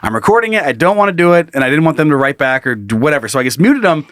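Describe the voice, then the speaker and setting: Animated, swearing male podcast host. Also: a little high, very fast, dry recording, studio quality. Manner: animated storyteller, swears often, laughs mid-sentence. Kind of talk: casual chat.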